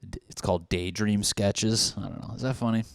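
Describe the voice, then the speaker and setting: A man's voice: fairly low pitch, steady tone, fairly quick, creaky, dry recording, clean studio sound. A man in his thirties hosting a podcast as a casual, comedic solo monologue. He rambles and swears freely as he riffs on party scenarios. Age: 30s. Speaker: podcast host.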